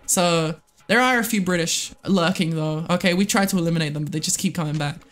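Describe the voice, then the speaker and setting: A woman from the United States streaming a game live, excitable and swearing often, muttering under her breath and then breaking into squealing shrieks. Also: lowish voice, fairly quick, soft background music. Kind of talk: live gameplay commentary.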